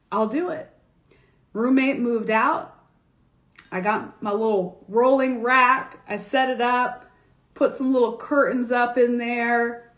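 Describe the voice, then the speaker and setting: This woman's voice is on the high side, heard in an echoey room at home. A fashion stylist and business coach, she chats casually on a social media live stream, sharing candid stories with laughter and an occasional swear word.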